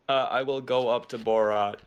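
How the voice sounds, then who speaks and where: A man's voice: medium pitch, clean tone, lo-fi sound. A man playing a tabletop game casually, describing what his character does. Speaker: player. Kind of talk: casual tabletop role-play.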